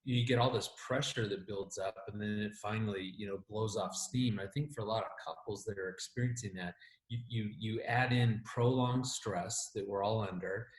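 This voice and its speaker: A man's voice: fairly low pitch, moderate pace. Middle-aged man in an echoey room. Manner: animated storyteller with frequent restarts and laughs. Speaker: marriage expert guest. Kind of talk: conversational interview. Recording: roomy echo.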